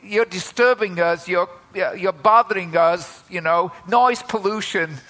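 Annoyed bystanders snap at a beggar to hush, as a man preacher puts them on. The voice is bright and fairly high, with a curt, scolding push. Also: measured pace.

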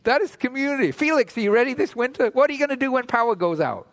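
High-voiced man preaching with rhetorical questions. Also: lively intonation, quick pace, dry recording. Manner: conversational preaching, frequent "right?" asides, rhetorical questions. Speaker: pastor. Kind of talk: sermon. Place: church hall in Toronto.

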